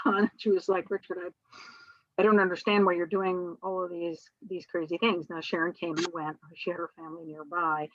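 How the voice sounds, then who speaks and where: A woman's voice: on the low side, dry recording, lo-fi sound. A middle-aged woman, a guest on an interview show, tells a personal story in a rambling way, full of fillers and restarts.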